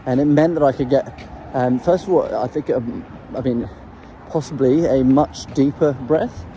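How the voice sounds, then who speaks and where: Mellow-voiced man rambling about singing. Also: mid-range voice, normal speed, slight background noise, poor audio. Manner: rambling, hesitant, full of ums and restarts; demonstrates throat sounds while talking. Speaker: voice coach sharing singing tips. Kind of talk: casual explanatory vlog.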